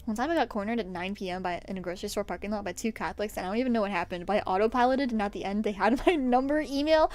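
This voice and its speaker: A woman's voice: medium pitch, very fast, few pauses, darkish tone. A young woman streaming from home, telling stories in a rambling, casual way, with restarts and lots of "like". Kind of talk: casual storytelling while painting her nails on stream.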